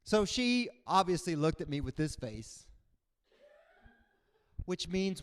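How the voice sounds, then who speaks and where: A young adult man performing a stand-up comedy set, animated, jumping into loud high voices for the people in his stories. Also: measured pace, pauses often. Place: comedy stage before a live audience.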